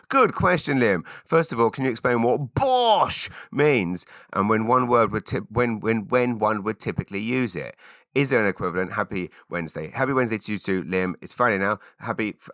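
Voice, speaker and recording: A man with a low voice that has a sharp, bright edge. He chats alone to his listeners, rambling and animated, and breaks into sudden loud exclamations. The sound is dry and close, with no room echo. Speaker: podcast host. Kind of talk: solo chat answering listener questions.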